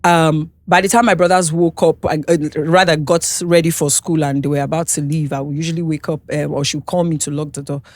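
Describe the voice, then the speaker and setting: A woman's voice: low voice, level tone, darkish tone, dry recording. Nigerian woman talking candid in an interview, starts and restarts, keeps asking if you follow, dry close sound. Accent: Nigerian English. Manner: halting, restarts often, checks in with "you understand?". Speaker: guest, singer.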